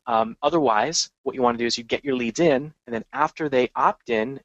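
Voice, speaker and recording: Male podcast host and marketing coach, mid-pitched voice, energetic and chatty, dry close-miked sound. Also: a little fast, dry recording, highs cut off. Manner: energetic, conversational, frequent restarts and asides. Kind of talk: casual business podcast monologue.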